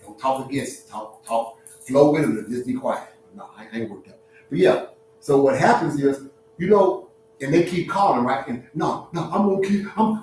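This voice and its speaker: A man hosting a relationship talk, giving blunt, preachy advice to an audience in an animated, streetwise way, laughing at his own points. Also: mid-range voice, heavy reverb, recorded from a distance, poor audio.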